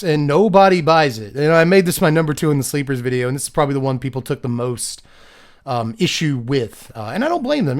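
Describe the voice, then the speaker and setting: A young man casually reviewing game cards one after another, thinking aloud and handing out quick number ratings. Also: fairly high pitch.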